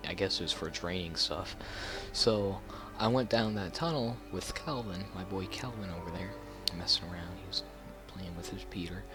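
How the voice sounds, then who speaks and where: A man's voice: deep voice, normal speed, few pauses, over music. A man telling a personal story in a casual storytime vlog, rambling with many fillers and restarts. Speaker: YouTuber.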